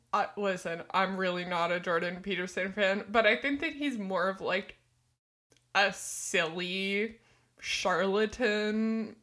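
Young woman podcast co-host, loose and animated, curses freely, laughs a lot. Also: medium pitch. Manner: animated, swearing, laughs often. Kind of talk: casual chat.

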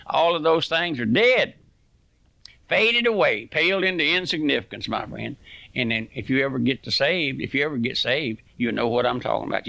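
A man preaches a fiery radio sermon, impassioned and full of folksy sayings. His voice is gravelly and sits a little high. The recording is dry and close. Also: bright, forceful tone, no echo.

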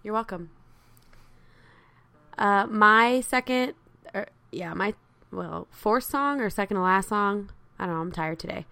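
Bright-voiced giggly woman co-host. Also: mid-range voice, slow pace, long pauses, smooth. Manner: giggly, playful. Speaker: podcast co-host. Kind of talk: casual chat about music.

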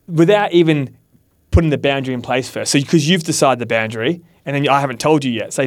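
A man's voice: medium pitch, quick pace, no echo, clean studio sound. A man on a podcast giving candid, earnest advice, swearing now and then and acting out quoted lines. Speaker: podcast guest, mentor. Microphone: studio mic.

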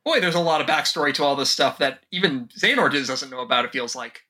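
Podcast host, casual chat, animated, bright, joking. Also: medium pitch, quick pace.

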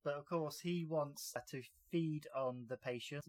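A man's voice: fairly high pitch, measured pace, no room sound. A man hosting a casual fan podcast, recapping scenes with dry jokes. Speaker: podcast host.

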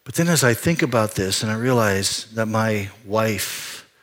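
An older man, a pastor, preaching a confessional sermon, moving from hushed, halting storytelling to loud, emphatic exhortation. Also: on the low side, lively intonation. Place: church sanctuary.

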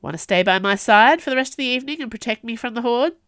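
A woman's voice: fairly high pitch, lively intonation, quick pace, fairly bright tone, no room sound, studio quality, pitched above the performer's own voice. A woman voicing a young male prince who is earnest and worried, asking urgent questions. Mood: wry.

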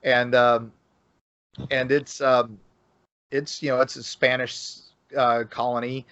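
This Florida man speaks slowly in a flat delivery, his medium-pitched voice a bit bright and free of echo. A guest on a casual podcast, he rambles about local folklore with many fillers and restarts, captured on dull, dry lo-fi audio.

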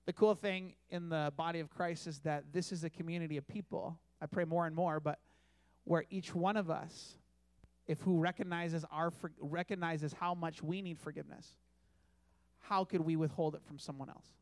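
A man's voice: fairly high pitch, fairly even intonation, moderate pace, no room sound. A man preaching a sermon as pastor, earnest and conversational, acting out little quoted asides.

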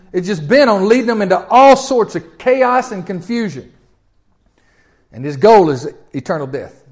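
A male pastor preaching a sermon in a conversational, storytelling way, often repeating words and rising in sudden swells. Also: sits high.

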